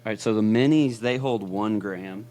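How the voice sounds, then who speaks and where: A man's voice: on the low side, normal speed, warm tone. A man co-hosting a casual podcast, explaining things in an easygoing, plain way. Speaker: podcast co-host. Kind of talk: casual chat.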